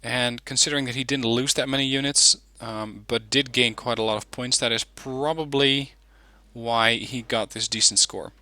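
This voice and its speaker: A man hosting a gaming channel, giving relaxed, chatty commentary on a game replay with frequent ums. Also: mid-range voice, normal speed, few pauses, no echo.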